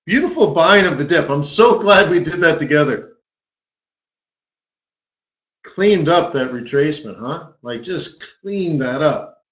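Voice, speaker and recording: A man's voice: on the high side, animated, moderate pace, fairly bright tone. A man hosting a live trading webinar, exclaiming playfully as he goes through the charts. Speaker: forex webinar host. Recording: roomy, slightly dull webinar audio.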